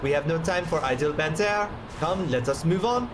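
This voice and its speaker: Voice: mid-range voice, moderate pace, background noise, close to an everyday voice. A streamer voicing a polite, formal young princess, over game music. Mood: earnest. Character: proper runaway young princess.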